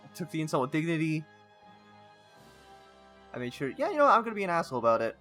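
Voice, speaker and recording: A man's voice: fairly high pitch, huge pitch swings, fast, pushed and bright, soft background music. A man playing a story game, reading its text aloud with stumbles and breaking off into casual asides. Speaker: gaming channel host.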